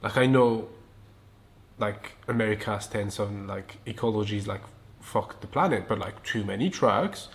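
Here the solo podcaster from France has a fairly low pitch and a normal pace. He keeps things casual and accented, cursing without restraint, laughing often and drifting from topic to topic.

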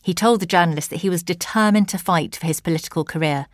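A woman hosting and narrating an investigative podcast in a measured, deliberate scripted delivery. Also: lowish voice, dry recording, studio quality. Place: interview in a hotel room.

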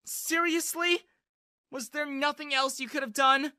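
A storyteller voicing a sweet, lighthearted young woman who is quick to feel hurt. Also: a little high, lively intonation, dry recording, pitched above the performer's own voice. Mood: angry yelling. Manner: sweet, then yelling in anger.

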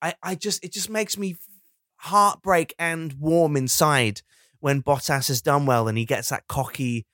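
A man's voice: on the high side, fairly even intonation, measured pace, a bit bright, no room sound, studio quality. A man co-hosting a comedy podcast, joking and acting out silly scenes in put-on voices. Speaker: podcast co-host. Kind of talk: comedic casual chat.

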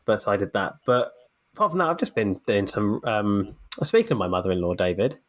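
Here a male podcast co-host talks in a lowish, animated voice at a slightly fast clip while getting over a cold. His casual chat runs on anecdotes, with lots of fillers and false starts.

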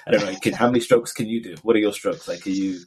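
A man's voice: fairly low pitch, fast talker, a little mellow. A man from Abu Dhabi hosting a casual podcast chat, talkative and self-deprecating, often restarting his sentences. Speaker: podcast host.

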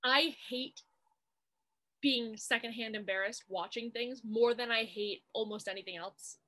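Animated woman recapping a movie. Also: a little high, unhurried. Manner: animated, quotes scenes in playful voices. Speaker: podcast co-host. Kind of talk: casual chat recapping a TV movie.

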